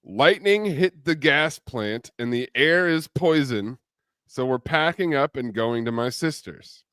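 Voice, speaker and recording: Smooth-voiced man hosting a podcast. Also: mid-range voice, animated, measured pace, a bit bright, no room sound, clean studio sound. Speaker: podcast host. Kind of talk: casual chat.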